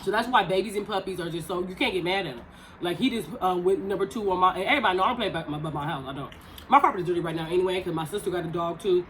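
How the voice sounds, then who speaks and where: A woman's voice: lowish voice, racing, a bit bright, a little hiss or hum, rough recording. A woman in her thirties co-hosting a podcast, talking casually and animatedly over a meal, laughing often. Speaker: podcast co-host.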